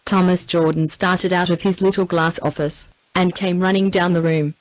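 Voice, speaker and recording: Low-voiced Australian synthetic woman narrator. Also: moderate pace, no echo, poor audio. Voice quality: even synthetic text-to-speech delivery. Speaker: audiobook narrator. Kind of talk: scripted narration.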